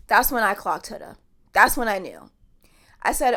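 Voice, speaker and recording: A woman hosts a podcast in a casual, chatty commentary style. Her voice sits in a middle pitch, and she talks bluntly and emphatically, swearing freely as she makes her points. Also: animated, moderate pace, vocal fry, pauses often, bright, forceful tone. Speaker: podcast host.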